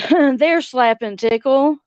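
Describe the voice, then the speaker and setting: A middle-aged woman from Louisiana with a Southern accent, chatting casually on a livestream and reading comments, slow and drawling, laughing often. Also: sits high, darkish tone, clear, resonant tone, no room sound, lo-fi sound. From Louisiana, United States. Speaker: livestream host. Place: outdoors on a front porch swing.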